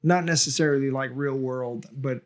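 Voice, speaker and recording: A man's voice: medium pitch, normal speed. A man hosting a casual fan discussion podcast, talking in a chatty way with lots of fillers and restarts. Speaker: podcast host.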